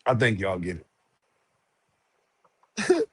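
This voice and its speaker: A man's voice: high voice, slow, gravelly, long pauses, husky, dry recording. A man on a casual livestream, talking boxing in heavy slang and answering his chat directly. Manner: slangy, animated, talks back to chat. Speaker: boxing commentary streamer.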